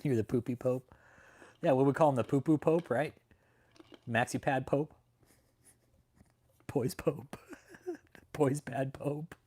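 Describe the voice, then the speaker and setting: A man's voice: medium pitch, slow pace, long pauses, dark tone, husky. Profane, mocking livestream host, a man. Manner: profane, mocking, laughs often; greets chat viewers by name. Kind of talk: casual livestream commentary.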